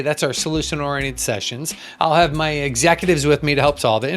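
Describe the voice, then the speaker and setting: A man giving a motivational business talk as a coach, emphatic and acting out little dialogues with sudden jumps in pitch. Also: fairly quick, few pauses, fairly bright tone, faint music behind.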